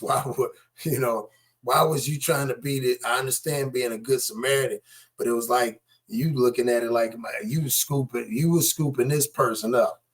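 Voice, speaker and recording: A man's voice: medium pitch, a bit bright. A man giving casual, skeptical commentary on news clips, talking straight to his viewers.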